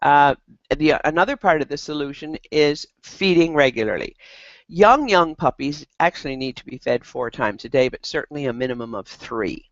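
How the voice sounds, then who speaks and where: Dog trainer, casual instructional talk, lively swooping pitch, dull dry recording. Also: moderate pace, dry recording. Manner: animated, loose, with frequent restarts.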